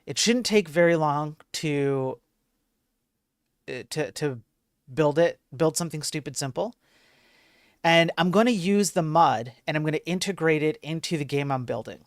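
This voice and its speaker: A man's voice: fairly high pitch, no echo, clean studio sound. A man hosting a casual coding livestream, chatting with viewers and restarting his sentences often. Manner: chatty, reads and answers chat, frequent restarts. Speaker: livestream host.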